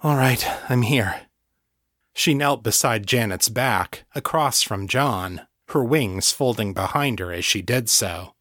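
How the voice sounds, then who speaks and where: A man reading a story aloud in a steady, measured scripted narration. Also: fairly low pitch, no room sound, clean studio sound. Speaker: audiobook narrator.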